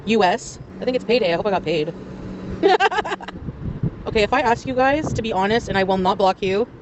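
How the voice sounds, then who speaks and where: A woman's voice: mid-range voice, animated, moderate pace, lo-fi sound. Rambling woman with street noise behind. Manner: rambling, filler-heavy chatter. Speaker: livestreamer. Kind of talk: casual livestream chat.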